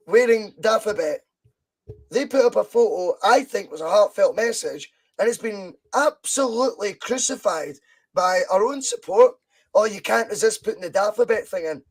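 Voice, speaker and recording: A Scottish man in his thirties hosting a casual football podcast over a video call, talking in an excitable, sweary, rambling way. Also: high-pitched, husky, poor audio.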